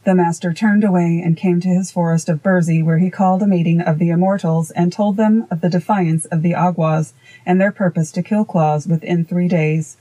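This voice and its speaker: Woman reading a storybook, calm and measured, lowish mellow voice. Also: no room sound, low-quality recording. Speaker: audiobook reader and podcast host.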